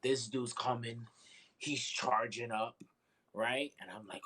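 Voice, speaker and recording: Animated, swearing male storyteller. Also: mid-range voice, fairly quick, poor audio. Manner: animated, swearing, acts out voices in his stories. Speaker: podcast co-host. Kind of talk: casual storytelling chat.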